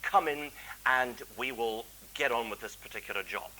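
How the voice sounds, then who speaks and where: A man voicing a brisk, businesslike doctor in a told story. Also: medium pitch, sharp tone, slight background noise, pitched below the performer's own voice, natural voice, poor audio. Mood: instructive.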